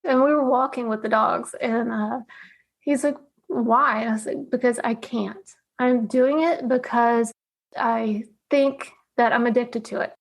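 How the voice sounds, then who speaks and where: A woman's voice: a little high, fairly even intonation, measured pace. A woman guest recounting a personal story with emotion, laughing often and acting out the conversations she had. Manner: tearful, laughs often, acts out dialogue. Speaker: guest, artist.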